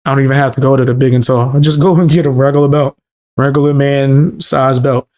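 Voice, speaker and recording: A man's voice: mid-range voice, fairly even intonation, fast talker, a little mellow. A man from the Bronx with a New York accent, telling loose, profane stories in casual chat on a live stream. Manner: loose, profane storytelling with street slang.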